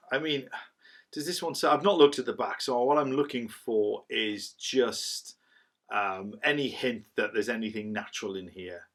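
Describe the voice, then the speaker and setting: A middle-aged man chats casually through a cider review, rambling as he goes and calling himself a waffler. His voice is medium-pitched with a fairly bright tone.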